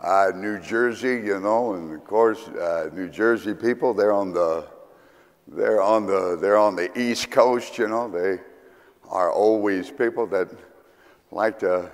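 A male pastor from Kentucky with a Southern accent, telling rambling, humorous stories in a sermon, often pausing with fillers. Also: lowish voice. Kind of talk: storytelling sermon. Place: church sanctuary. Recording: reverberant church hall.

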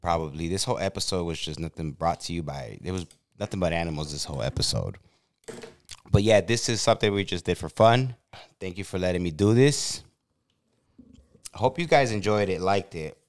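A man's voice: deep voice, animated, fairly quick, no echo, clean studio sound. A man hosting a casual late-night podcast chat, laid-back and chuckling. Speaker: podcast host.

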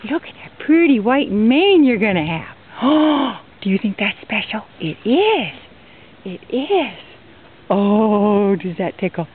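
Woman, high sing-song voice, unhurried, cooing baby-talk, thin tinny camera sound. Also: big pitch swings, slight background noise. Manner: coos and baby-talks to the horses. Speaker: horse owner filming her colt. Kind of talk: casual talk to animals. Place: outdoor pasture near woods. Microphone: handheld camera.

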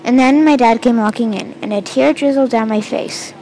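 High-voiced woman reading her own story. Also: warm tone, a little hiss or hum, low-quality recording. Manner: halting, with restarts and stumbles; first-person storytelling with quoted lines read in the same voice.

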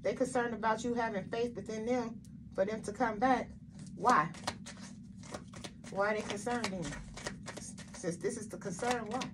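A woman's voice: a little high, fairly even intonation, measured pace, long pauses, noisy background. A woman doing a tarot reading for her viewers, blunt and emphatic, with frequent swearing and repeated rhetorical questions. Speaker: tarot reader.

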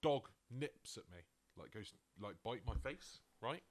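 Man telling a lively story. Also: mid-range voice, a little slow, dry recording. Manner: animated storyteller, acts out quotes. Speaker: podcast co-host. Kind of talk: casual chat.

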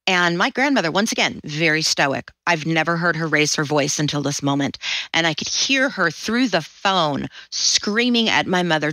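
A woman's voice: low voice, expressive, moderate pace, sharp tone, no room sound, low-quality recording. A woman in her forties, a podcast guest, vividly telling a personal story and acting out the voices she quotes. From Washington State, USA.

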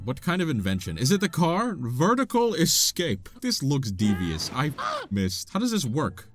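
A man giving playful, sarcastic gameplay commentary as a video host, often laughing. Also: mid-range voice. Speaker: gaming YouTuber.

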